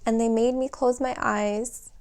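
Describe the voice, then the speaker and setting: A woman reading tarot cards for her viewers, talking slowly and unhurriedly. Her voice sits a little high, and she often breaks off to exclaim as the reading moves her. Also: level tone, darkish tone, smooth. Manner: emotional, exclaiming, thinking aloud. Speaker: tarot reader.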